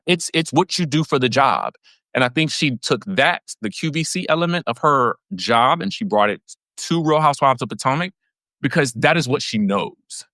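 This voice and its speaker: A man co-hosting a podcast, telling stories in an animated, expressive way during a casual chat. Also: medium pitch, moderate pace, dry recording, clean studio sound. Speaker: podcast co-host.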